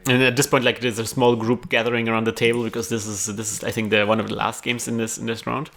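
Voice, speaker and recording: A man giving casual, chatty commentary on a card game tournament match, excitable and quick to laugh. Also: medium pitch, creaky.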